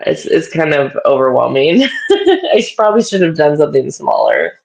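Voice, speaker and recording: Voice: mid-range voice, huge pitch swings, normal speed, gravelly, a little mellow, poor audio. A livestream guest chatting casually about crafting, self-mocking and laughing often. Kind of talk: casual chat while crafting.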